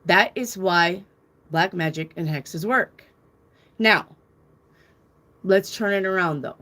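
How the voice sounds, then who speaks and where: A woman's voice: lowish voice, slow, bright, forceful tone. A middle-aged woman hosting a casual talk show, speaking emphatically, repeating phrases and lecturing her viewers with firm conviction. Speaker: tarot reader and podcast host.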